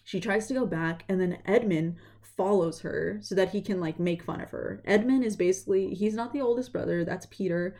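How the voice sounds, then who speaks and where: A young woman casually retelling a story, chatty and animated, slipping into quick voices for the characters. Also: mid-range voice.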